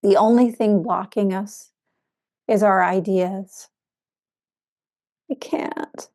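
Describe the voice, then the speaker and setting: A woman giving a dharma talk as a Zen teacher, speaking in a reflective way with soft laughs. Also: mid-range voice, fairly even intonation, slow.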